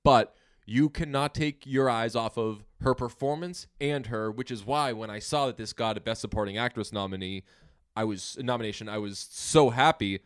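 A man's voice: medium pitch, normal speed, clear, resonant tone. Rambling, profane man reviewing a film. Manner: rambling, profane, acts out characters' lines. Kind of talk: casual movie review chat.

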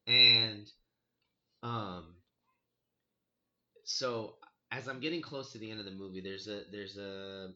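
Bright-voiced young man telling a ghost story. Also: fairly low pitch, takes it slowly, long pauses, dull audio. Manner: animated, swearing, acts out his own reactions.

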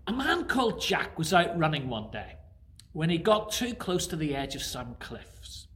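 A man preaching a sermon who opens with a prayer and tells a story in a conversational, animated way. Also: fairly high pitch, moderate pace.

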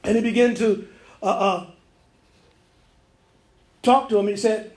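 A man's voice: high voice, steady tone, slow, a little mellow, echoey room. A man preaching, telling a dream as a story and acting out the voices and sounds in it. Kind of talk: sermon testimony.

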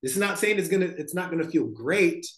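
Male podcast guest, slightly high voice, reflective spiritual talk, echoey room sound. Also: animated. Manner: slow, thoughtful, spiritual tone with frequent "like" and "right?". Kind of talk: reflective conversational storytelling.

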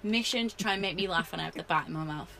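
A woman with a slightly low voice, chatting in an interview. She tells her stories animatedly, with plenty of fillers. A faint hiss sits under the recording. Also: very fast, gravelly. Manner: animated storyteller, many fillers. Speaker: wrestler. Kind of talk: casual interview chat.

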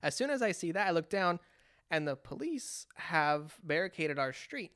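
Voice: medium pitch, big pitch swings, normal speed, a bit bright, no room sound. Californian telling a wild story on a podcast, acts out the quotes, stumbles and restarts, dead dry sound. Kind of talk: casual storytelling chat.

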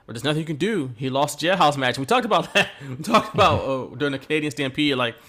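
Bright, lively man laughing through chat. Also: a little high, quick pace. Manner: laughs often, animated storytelling. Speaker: podcast host. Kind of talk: casual chat recapping wrestling.

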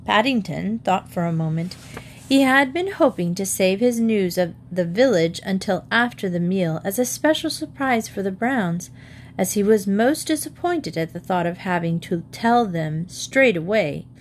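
A woman narrating a children's storybook aloud in a measured, clear way. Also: mid-range voice, lively intonation, slight background noise.

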